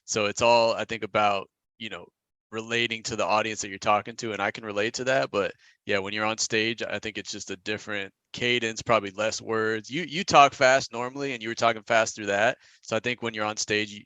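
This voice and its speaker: A man co-hosting a podcast over a video call, talking in a relaxed, advising way with frequent restarts. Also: lowish voice, a little fast, no echo. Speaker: podcast co-host. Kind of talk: casual podcast chat. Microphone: recorded over a video call.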